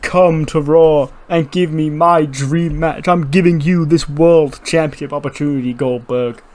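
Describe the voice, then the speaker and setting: A man voicing a brash, boastful male pro wrestler champion with a loud hype-promo delivery. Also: fairly high pitch, steady tone, a little slow, close to an everyday voice.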